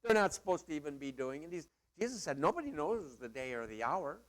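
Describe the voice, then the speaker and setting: A man's voice: a little high, big pitch swings, a little fast, fairly bright tone. A middle-aged male pastor preaching a sermon in a conversational, emphatic way with playful asides.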